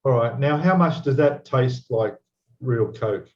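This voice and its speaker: A man's voice: medium pitch, lively intonation, unhurried, darkish tone. An Australian man co-hosting a casual chat, easygoing and chatty, laughing awkward topics off. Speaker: co-host. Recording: dull lo-fi sound.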